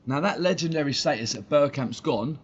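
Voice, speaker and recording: A man's voice: on the high side, expressive. Sweary man ranting on stream. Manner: heated, sweary, fast-talking rant. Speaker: fan channel host. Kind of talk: ranting live-stream commentary. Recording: dull lo-fi stream audio with faint noise.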